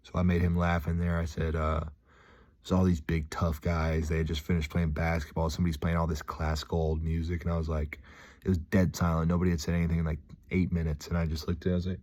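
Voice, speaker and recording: Deep-voiced man musing casually. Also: little pitch movement, a little mellow. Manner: rambling and upbeat, with frequent "um" pauses. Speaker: vlogger. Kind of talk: casual reflective monologue. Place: gym.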